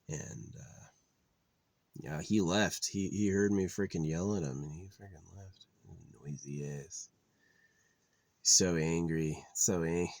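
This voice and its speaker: A man's voice: sits low, no echo. A man talking to camera in a meandering, profane monologue, full of fillers and restarts. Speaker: vlogger. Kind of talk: rambling casual monologue.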